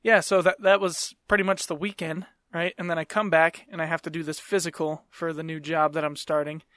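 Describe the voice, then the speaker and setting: A man's voice: fairly high pitch, flat delivery, brisk, a bit bright, no room sound. A man hosting a podcast, telling stories in a casual, rambling way, swearing freely and laughing mid-sentence. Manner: profane rambling storyteller. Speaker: podcast host. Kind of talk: casual chat.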